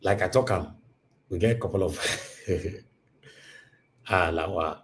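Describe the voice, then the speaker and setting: A man's voice: low voice, a little slow, slight background noise. A Nigerian man hosting a live stream, talking in an emphatic, repetitive way and mixing in pidgin. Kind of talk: casual live-stream monologue.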